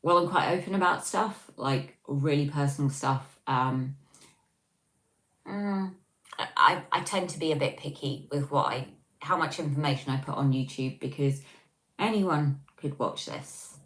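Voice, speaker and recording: A woman's voice: sits low, a little slow, roomy sound, poor audio. A woman hosting a casual livestream, reading out chat messages and answering them in a chatty, self-mocking way with many ums. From Scotland.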